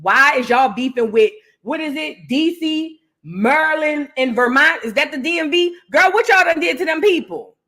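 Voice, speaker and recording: A woman's voice: high voice, animated, moderate pace, few pauses, a bit bright. A woman hosting a casual gossip show, chatty and teasing as she rambles on. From Southern United States. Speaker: host.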